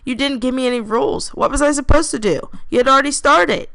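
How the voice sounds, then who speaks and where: A woman's voice: sits high, fast talker, creaky, fairly bright tone, no echo, pitched above the performer's own voice. A woman doing a cheerful young airbender king. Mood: calling out. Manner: calling out, friendly banter.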